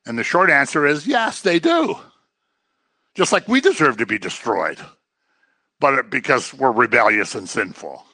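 A man's voice: mid-range voice, moderate pace, gravelly, no echo. A man teaching a casual Bible class, acting out quotes in voices and joking with his listeners. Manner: animated, acts out quotes in voices, jokes with the class.

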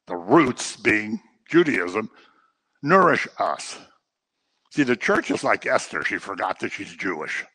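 A man preaching a sermon, swinging between loud emphasis and quiet asides. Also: on the low side, big pitch swings, takes it slowly, breathy edge.

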